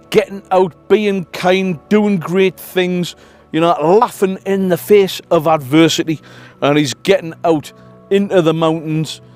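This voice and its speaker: A man's voice: a little high, clear, resonant tone. Chatty man by a campfire. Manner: chatty, upbeat, full of slang and shout-outs. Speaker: camping vlogger. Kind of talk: casual chat to camera by a campfire. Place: outdoors at a campfire at night.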